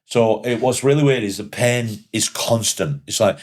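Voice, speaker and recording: Sweary man, low voice. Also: normal speed. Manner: blunt, sweary, animated storytelling. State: recovering from shingles. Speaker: podcast host. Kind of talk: casual pub chat.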